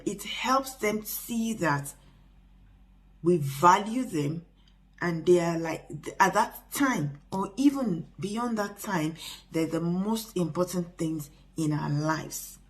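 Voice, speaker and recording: A middle-aged woman hosting a parenting channel, talking earnestly to camera with frequent restarts and pauses. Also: lowish voice. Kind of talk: casual advice talk to camera.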